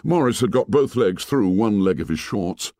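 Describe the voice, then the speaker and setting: A man narrating a novel as an audiobook, reading dramatically and sinking low and soft on grim lines. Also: lively intonation, moderate pace, no echo, clean studio sound.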